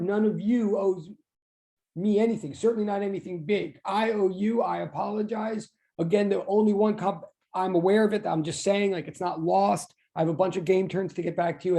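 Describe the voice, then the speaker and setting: A man teaching an online physics class, talking in a rambling, self-deprecating way over a computer mic. His voice sits high but sounds dark and mellow, with a gravelly edge. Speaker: physics instructor. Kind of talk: online class greeting students.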